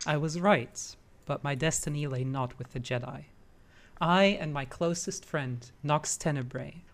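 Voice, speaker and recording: A player voicing a grave, driven former Jedi prophet in their own voice, in a measured dramatic monologue. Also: mid-range voice, lightly acted. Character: fallen Jedi prophet of a new light side, grave and driven. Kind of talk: in-character monologue.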